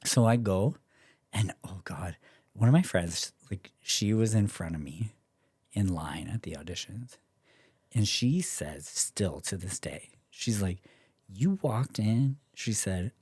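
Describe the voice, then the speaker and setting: A man's voice: on the low side, expressive, slow, darkish tone, breathy edge, dry recording. A young Canadian man, a podcast guest, telling a story in casual chat, acting out quoted voices and swearing freely.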